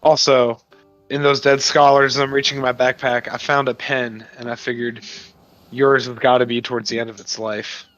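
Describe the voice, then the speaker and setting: Guy player in a tabletop game, bright voice, plain matter-of-fact, lo-fi audio with faint music. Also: mid-range voice, little pitch movement, normal speed. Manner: plain, matter-of-fact, describes own character's actions. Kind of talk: casual tabletop game chat.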